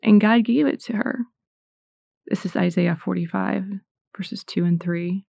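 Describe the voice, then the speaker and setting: A woman's voice: mid-range voice, a little slow, creaky, mellow, no room sound, clean studio sound. A middle-aged woman from the United States giving a casual, earnest faith talk, chatty and full of fillers. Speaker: Christian speaker.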